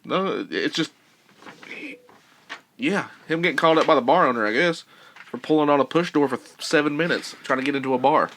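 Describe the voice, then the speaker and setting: A man's voice: on the high side, a little fast, pauses often, a bit bright, a little hiss or hum. A man co-hosting a casual podcast chat, cracking jokes and reading news items aloud. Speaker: podcast co-host.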